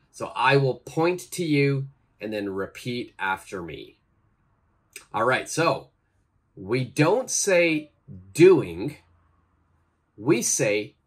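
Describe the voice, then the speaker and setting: A man teaching English pronunciation, leading slow repeat-after-me drills with deliberate, exaggerated pronunciation and encouraging praise. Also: mid-range voice, a bit bright, slightly rough.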